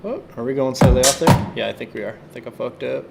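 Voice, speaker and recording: A man's voice: medium pitch, fast talker, gravelly. A man livestreaming while he produces music, talking to himself and his chat in a loose, offhand way and swearing now and then. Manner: chatty running self-talk, swears offhand.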